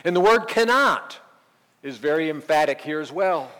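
A man's voice: fairly high pitch, animated, moderate pace, fairly bright tone, long reverb tail. A man preaching a verse-by-verse sermon, teaching earnestly and emphatically, repeating key phrases. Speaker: pastor.

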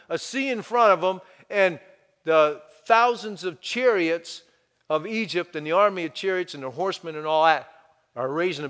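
A man preaching a sermon, firing rhetorical questions at his listeners and dropping to a hushed voice now and then. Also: on the high side, in a large hall. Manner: animated preaching, rhetorical questions, sudden drops to hushed tones. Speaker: pastor.

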